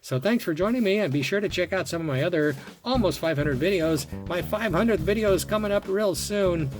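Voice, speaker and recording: A man's voice: high-pitched, a little fast, faint music behind. Chatty man showing off toy cars. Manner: muttering softly while working, then bursting into excitement. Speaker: toy car collector and video host. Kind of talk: casual hands-on show-and-tell.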